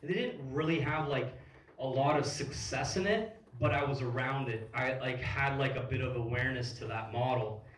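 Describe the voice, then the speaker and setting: A man's voice: medium pitch, normal speed, a little hiss or hum. Guy in his 30s doing a motivational stage talk, loose and sweary, lots of "like", sounds distant in a big echoey room. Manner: casual storytelling with many fillers and swearing. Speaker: speaker at a business event. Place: event hall. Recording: echoey hall recorded from far off.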